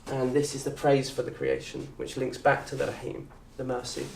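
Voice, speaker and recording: A man's voice: mid-range voice, normal speed, creaky, a little hiss or hum. Southern English man teaching in an echoey room. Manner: lively, asks the audience questions and acts out little scenes. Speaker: Arabic course teacher. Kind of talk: lecture to an open day audience. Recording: roomy echo from a distant mic.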